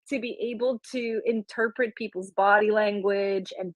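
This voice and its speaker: A woman's voice: medium pitch, a little slow, no room sound, rough recording. A woman from Rico, speaking as a guest in a casual live audio chat in a gracious, effusive way. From Puerto Rico. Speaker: guest speaker and content creator.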